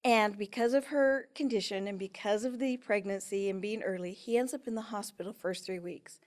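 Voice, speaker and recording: Animated woman telling a story. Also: medium pitch, moderate pace. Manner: animated storyteller, shifts between loud and soft. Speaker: guest expert and author. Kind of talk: interview storytelling.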